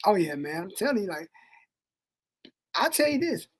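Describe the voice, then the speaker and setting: A man co-hosting a podcast in casual chat, animated and slangy, swinging between loud and soft. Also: sits high, normal speed. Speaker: podcast co-host. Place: Texas.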